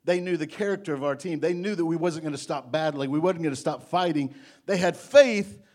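Emphatic preacher, higher voice. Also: male voice, darkish tone. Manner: emphatic, repeats key points, reads scripture slowly. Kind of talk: sermon.

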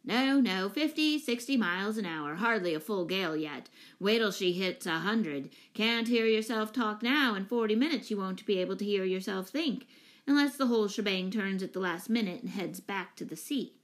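A woman reading aloud, voicing a hearty older male professor who gives gruff, clipped instructions during a storm. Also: medium pitch, expressive, normal speed, lightly acted. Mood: brisk.

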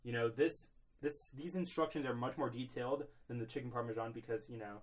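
A man's voice: mid-range voice, steady tone, fairly quick, a little hiss or hum. A young man co-hosting a podcast in a small closet, rambling mock-seriously with lots of filler words. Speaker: podcast co-host. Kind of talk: comedic casual chat.

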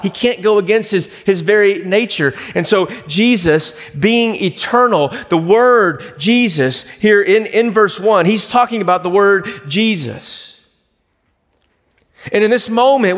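A man preaching a sermon, explaining scripture earnestly and slowing down to stress key words. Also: high voice. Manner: earnest, explanatory preaching with emphatic slowed phrases. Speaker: pastor. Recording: reverberant hall.

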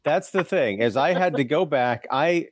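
A man's voice: fairly high pitch, lively intonation, moderate pace, a crowd in the background. A man co-hosting a casual movie podcast, talking in a wry, sarcastic way with casual swearing. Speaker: podcast co-host.

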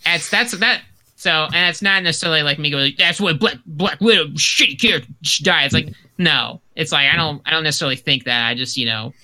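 Bright-voiced opinionated man. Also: a little high, fairly quick. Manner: opinionated, animated, repeats words when starting. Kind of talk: casual chat.

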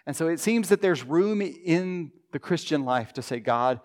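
A man preaching a sermon to his congregation, earnest, dropping to a soft hush when he voices quoted prayers. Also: fairly high pitch, expressive, unhurried, few pauses. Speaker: pastor.

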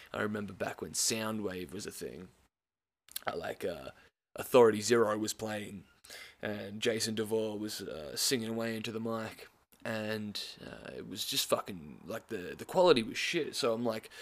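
A young man with an Australian accent tells a rambling festival story in a casual way. He swears constantly and laughs as he goes. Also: fairly low pitch. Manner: profane, rambling, laughs through his story. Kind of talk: casual anecdote.

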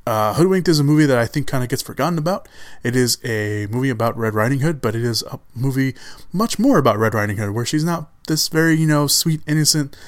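A man with a mid-range voice hosts a solo film podcast in loose, casual chat. He rambles, circles back and restarts his sentences, warmed by an easy enthusiasm and the odd laugh. The sound is dry and close, with no room around it. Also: mid-range voice, expressive, fast, no room sound. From Chicago area, USA. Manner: rambling, many restarts and fillers; enthusiastic about films, laughs often. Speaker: podcast host.

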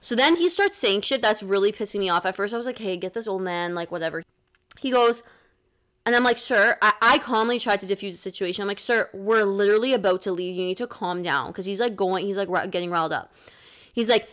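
A woman's voice: mid-range voice, fairly quick, a bit bright. A young woman co-hosting a podcast, casually telling a story with lots of "like" and some swearing. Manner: chatty, fillers of "like", swears casually. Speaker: podcast co-host.

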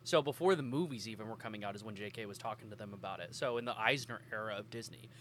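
A man's voice: fairly low pitch, fast talker, a bit bright, a little hiss or hum. A man hosting a casual podcast chat. He rambles along with plenty of ums. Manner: chatty, rambling, many ums. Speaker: podcast host.

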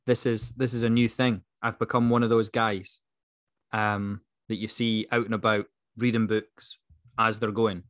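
A man's voice: on the low side, little pitch movement, moderate pace, fairly bright tone, no room sound, studio quality. A Scottish man from Scotland co-hosting a book podcast, talking in an easygoing, self-mocking way. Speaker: podcast co-host. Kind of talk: casual chat.

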